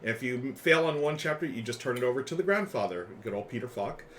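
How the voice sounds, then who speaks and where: A man co-hosting a relaxed game-night stream, chatting and laughing easily with his partner and the viewers. His voice sits at an ordinary middle pitch, with faint noise in the background. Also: quick pace. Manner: chatty, laughing, talks with mouth full. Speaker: game show co-host. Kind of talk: casual livestream chat.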